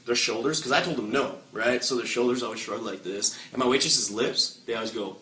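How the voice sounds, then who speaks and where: A man giving an energetic, joking motivational sales training talk to an audience, firing off rhetorical questions. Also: medium pitch, brisk. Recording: echoey room, mic far off.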